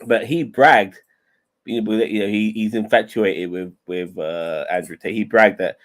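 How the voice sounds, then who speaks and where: A man's voice: fairly low pitch, lively intonation, normal speed. A man co-hosting a casual podcast chat, hesitant and sweary, with many stammered restarts. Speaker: podcast co-host.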